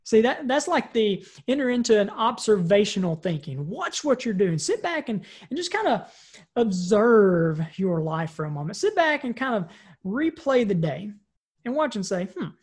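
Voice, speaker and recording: A woman's voice: mid-range voice, sing-song, normal speed, a little mellow, husky. Woman, personal development trainer, loose conversational delivery, repeats and restarts phrases. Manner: conversational, frequent "right?" tag questions; repeats and restarts words while thinking. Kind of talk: recorded training talk.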